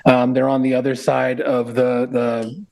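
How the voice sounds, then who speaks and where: Measured planning official at a hearing. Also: male voice, medium pitch, little pitch movement, vocal fry, a little mellow. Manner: measured, with many fillers like um and uh. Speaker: planning department staff. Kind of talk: formal comments at a public meeting.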